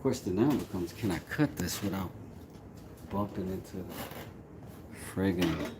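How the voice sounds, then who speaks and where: A man's voice: sits low, a little slow. A man streaming live and chatting casually while doing woodwork, joking and talking to himself as he goes. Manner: jokey, talks to himself while working. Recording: noisy background ambience.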